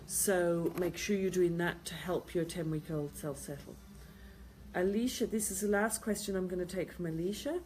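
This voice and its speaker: A woman's voice: lowish voice, moderate pace, a little mellow. A woman host answering viewers' questions on baby sleep, giving practical advice and repeating key points. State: tired, yawning.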